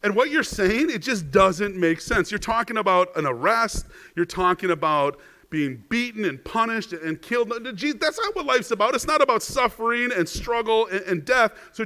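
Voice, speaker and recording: A man playing an impulsive male disciple who protests in a pleading, urgent way, with his voice pushing higher. The tone is bright and forceful, the lines rising as he argues. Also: lively intonation, normal speed, few pauses. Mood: alarmed pleading.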